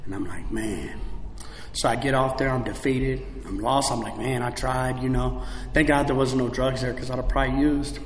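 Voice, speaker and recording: A man sharing his recovery story at a convention, swinging between shouting and quiet, broken confession, with many "man" and "like" fillers. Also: medium pitch, steady tone, brisk, a little hiss or hum. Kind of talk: recovery meeting share. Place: large convention hall. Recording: echoey convention hall with long reverb.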